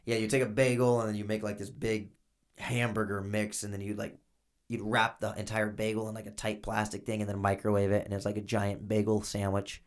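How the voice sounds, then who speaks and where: On the low side and level in tone, this man speaks fairly quickly. As a podcast co-host and former prisoner, he rambles through chatty stories full of filler.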